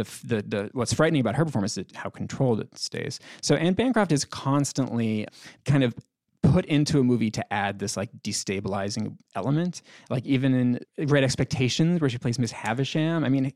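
A man's voice: mid-range voice, dry recording, studio quality. A man talking as a podcast guest in a casual film discussion, enthusiastic and chatty, laughing often.

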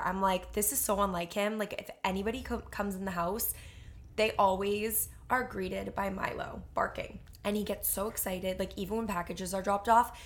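A woman co-hosts a podcast and tells a story in a chatty, animated way. She fills her sentences with casual fillers and keeps the flow easy. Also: medium pitch. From Boston area. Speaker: podcast co-host. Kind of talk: casual chat.

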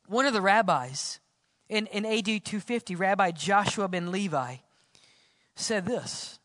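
A man preaching a sermon as pastor in a church, swinging between loud calls and hushed, whispered lines. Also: high voice, expressive, unhurried, no room sound, clean studio sound, long reverb tail.

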